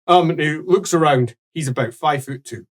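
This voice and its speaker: A man narrating a tabletop game as game master, animated and often laughing. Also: a little high, normal speed, shouting. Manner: animated, laughing, hesitant fillers.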